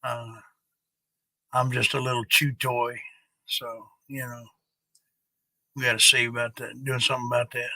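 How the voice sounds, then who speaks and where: A man hosts a casual live stream, drawling slowly through rambling stories peppered with swearing. His voice sits a bit high and comes across bright and forward. The sound is close and dry. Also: level tone, vocal fry, no echo. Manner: rambling, profane, drawn-out.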